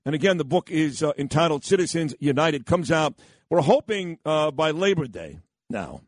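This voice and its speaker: A brash, rambling radio host. His voice sits a little high for a man and comes from a close studio mic. The room sounds dead and dry, with no echo. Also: big pitch swings, normal speed. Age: 50s. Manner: brash, self-mocking, rambling. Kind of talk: morning talk radio banter.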